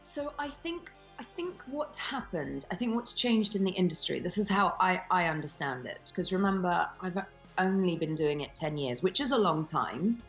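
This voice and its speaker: Frank, low-voiced actress woman. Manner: frank, swears freely, many ums. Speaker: actress and voice actor guest. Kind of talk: candid interview talk.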